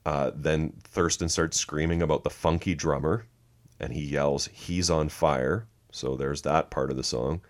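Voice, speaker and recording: A man's voice: a bass voice, flat delivery, moderate pace. A man co-hosting a music podcast, walking through a record track by track in casual chat, dry and sarcastic with frequent laughs. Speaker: podcast co-host.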